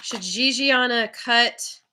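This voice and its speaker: Slow-talking bright-voiced tarot reader. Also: female voice, on the high side, slight background noise. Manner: laughs often, warm and encouraging to viewers; stumbles over viewer names. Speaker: tarot reader hosting a live stream. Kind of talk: casual live-stream chat.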